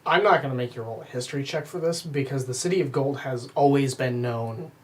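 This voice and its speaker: A man's voice: mid-range voice, fairly quick. A man narrating and running a tabletop role-playing game as game master, laughing often.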